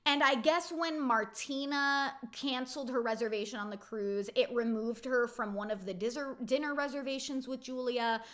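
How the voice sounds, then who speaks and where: Bright, exasperated young woman recapping. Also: sits high. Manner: animated, exasperated, rhetorical questions; heavy use of "like" fillers. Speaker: reality TV recap host. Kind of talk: casual chatty episode recap.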